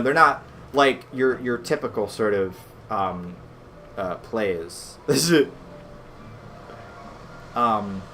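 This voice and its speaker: A man's voice: fairly low pitch, fairly bright tone, slight background noise. A man hosting a let's play, chatting casually and rambling with lots of fillers and swearing. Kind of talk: casual gameplay commentary.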